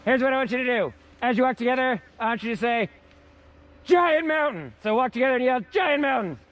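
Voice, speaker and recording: Brief: very high-pitched man teaching a lively outdoor lesson, faint traffic behind. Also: rapid-fire. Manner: playful, energetic, repeats key words. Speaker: science teacher. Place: outdoors in snow.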